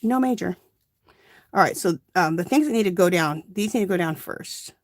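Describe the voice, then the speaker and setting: A woman's voice: lowish voice, expressive, moderate pace. Woman, craft livestream host, chatty, rambling, thinking aloud, phone mic, home craft table. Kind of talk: casual crafting livestream chat.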